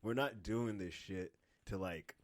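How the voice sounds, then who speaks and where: Profane, emphatic podcast co-host, man. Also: on the low side. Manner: profane, emphatic, quick to laugh. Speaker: podcast co-host and amateur comedian. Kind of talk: casual podcast chat.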